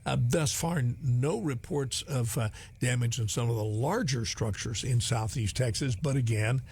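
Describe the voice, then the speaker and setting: A man co-hosting live storm coverage, giving updates in a measured, informative way. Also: mid-range voice, a little mellow, husky. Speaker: broadcast co-host.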